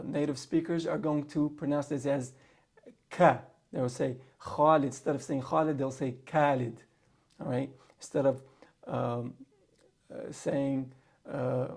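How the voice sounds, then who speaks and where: A man's voice: a little high, creaky, mellow. A man patiently teaching a spoken lesson on letter sounds, repeating each sound for practice.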